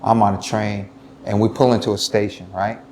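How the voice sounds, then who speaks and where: A middle-aged man, a retired police lieutenant telling stories in an interview, animated and full of restarts. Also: fairly low pitch, moderate pace, a little hiss or hum. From United States. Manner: animated storytelling, many restarts, acts out quoted voices. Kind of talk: casual interview talk.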